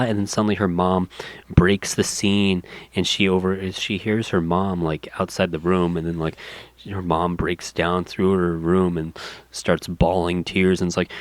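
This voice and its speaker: A man's voice: deep voice, fairly even intonation, normal speed, dry recording. A man hosting a gaming podcast, giving rambling casual commentary with lots of fillers. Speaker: podcast host.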